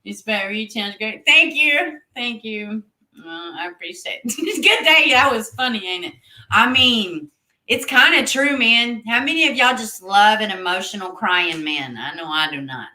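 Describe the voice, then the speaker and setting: A woman's voice: medium pitch, lively intonation, normal speed, bright, forceful tone. Chatty woman streamer, echoey. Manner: chatty, laughs often, talks to viewers. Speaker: livestream host reading chat. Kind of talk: casual livestream chat.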